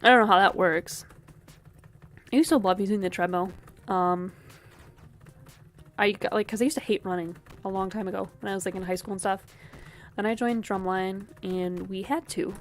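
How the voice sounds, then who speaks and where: A woman's voice: mid-range voice, steady tone, moderate pace, pauses often. Chatty young woman streamer rambling. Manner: wry, with frequent soft laughs and muttered asides. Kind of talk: casual gameplay commentary.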